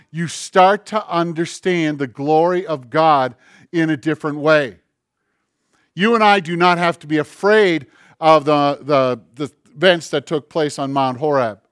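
A male pastor delivers a sermon in an earnest, conversational voice that sits a little high for a man. He slows down to lean on key phrases and slips into acted-out asides. The sound is close and dry. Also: dry recording. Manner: acts out dialogue and asides.

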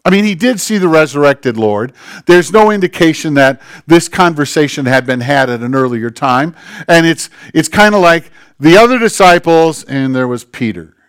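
A man preaching a sermon as pastor, swinging between quiet, hushed passages and slow, emphatic declarations. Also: on the high side, expressive, clean tone. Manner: dynamic, swings from hushed to emphatic, drawn-out phrases.

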